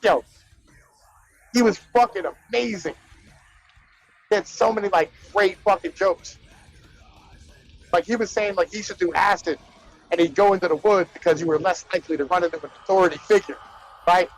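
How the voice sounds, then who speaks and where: Animated high-voiced man telling stories. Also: normal speed, long pauses, poor audio. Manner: animated, profane, says "right?" and "like" often. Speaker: podcast co-host. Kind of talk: casual chat, retelling comedy bits.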